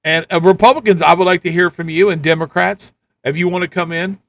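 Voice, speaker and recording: A man's voice: high voice, steady tone, a little fast, a bit bright. A man hosting a live stream, giving blunt, repetitive political commentary in a ranting manner. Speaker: livestream host.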